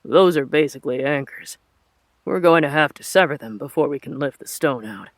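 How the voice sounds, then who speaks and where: A man voicing a grim, paranoid male sorcerer who explains things in a measured, teacherly way. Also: fairly high pitch, lively intonation, no echo. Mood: instructive.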